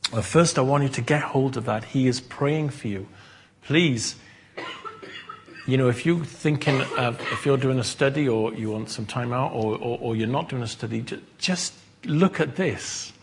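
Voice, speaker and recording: A man preaching a sermon, halting and repeating words as he thinks aloud. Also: medium pitch, vocal fry, slight background noise.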